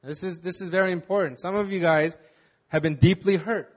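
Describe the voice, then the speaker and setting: A young man with a notably high voice preaches as a pastor. His sermon is conversational and candid, with halting stories from his own life. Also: fairly even intonation. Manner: candid, halting personal storytelling.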